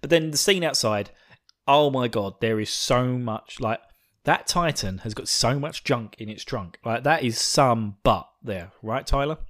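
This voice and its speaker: An excitable man hosting a casual podcast. He rambles, laughs, and swears freely. His voice sits at an ordinary middle pitch for a man. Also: a little slow. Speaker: podcast host.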